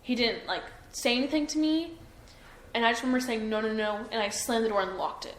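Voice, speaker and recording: A woman's voice: fairly high pitch, fairly quick. Hesitant young woman, echoey room. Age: young adult. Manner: hesitant, full of "like" and restarts. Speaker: witness being interviewed. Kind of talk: halting recollection in an interview. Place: indoors at her home. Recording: echoey room with faint ambient noise.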